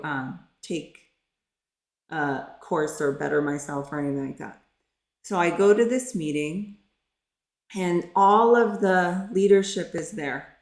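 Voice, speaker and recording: A woman's voice: deep voice, reverberant. A middle-aged woman, a pharmacist, telling a personal story in a candid, earnest, conversational way.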